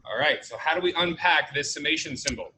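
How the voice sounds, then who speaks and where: A man's voice: fairly high pitch, brisk, sharp tone, slight background noise, rough recording. A young man giving a casual online college economics lecture, chatty and jokey, often checking in with "right?".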